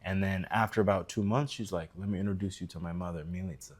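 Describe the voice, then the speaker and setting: A man's voice: low voice, quick pace. An American man on a podcast, telling a personal story in a casual way and acting out the quoted lines. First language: English. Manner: animated storyteller, acts out quoted dialogue. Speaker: podcast guest.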